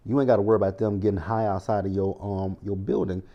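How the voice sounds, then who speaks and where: A fast-talking man with a lowish voice and a flat delivery gives a chatty, rambling recap of a TV episode, packed with asides. He's a TV show recap vlogger, and the recording has its highs cut off.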